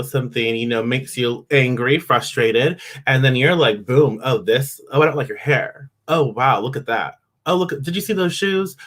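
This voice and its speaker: A man's voice: on the high side, a bit bright. Chatty man hosting a live card reading. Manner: chatty, greets viewers by name mid-thought; acts out grumbling inner voices. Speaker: oracle card reader hosting a live stream. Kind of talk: casual live-stream spiritual talk.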